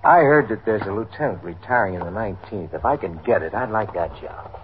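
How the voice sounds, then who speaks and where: A man plays a frank, slightly weary police lieutenant in an old radio drama. His voice sits low but moves a lot as he talks earnestly. It comes through a thin, phone-like old broadcast with faint hiss. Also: expressive, a little fast, lightly acted. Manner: earnest, plain-spoken, a little weary. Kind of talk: 1950s radio drama acting.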